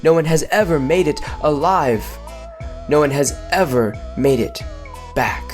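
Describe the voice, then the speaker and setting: A man voicing a gloomy, doubtful man who was once a goat, speaking lower than his narration. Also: animated, unhurried, soft background music. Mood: worried.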